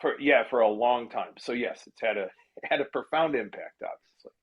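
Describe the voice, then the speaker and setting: A man's voice: mid-range voice, normal speed, dull audio. A man who writes television comedy, chatting casually in a podcast interview, often laughing at himself and restarting his sentences.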